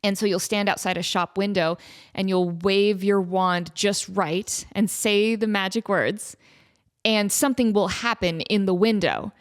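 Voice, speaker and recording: A woman in her thirties chats loosely as a podcast host, full of fillers and little laughs. Her pitch sits in the middle for a woman, and she talks in an easy, rambling way. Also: a little slow. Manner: chatty, laughing, lots of fillers. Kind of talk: casual chat.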